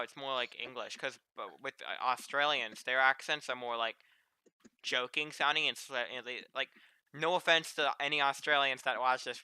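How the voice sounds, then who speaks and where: A man streaming a game, chatting casually and thinking out loud in a rambling way. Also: mid-range voice, clear, resonant tone, no echo. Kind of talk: casual gaming chat.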